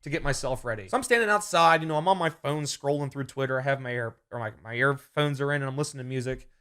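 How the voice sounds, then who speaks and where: Bright-voiced young man telling a story. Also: mid-range voice, quick pace, clean tone. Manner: relaxed storyteller acting out quotes with sudden loud outbursts. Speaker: podcast co-host. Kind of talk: casual chat.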